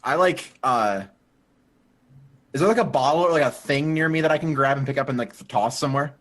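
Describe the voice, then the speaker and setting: A man playing a tabletop game, excitable and hesitant, with lots of fillers. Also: mid-range voice, a little fast. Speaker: player.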